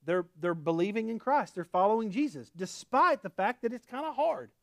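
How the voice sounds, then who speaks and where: Folksy Oklahoma pastor, lively voice. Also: male voice, high-pitched, normal speed, gravelly, no echo, clean studio sound. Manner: folksy, chatty, laughs at his own asides. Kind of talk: sermon. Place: church sanctuary.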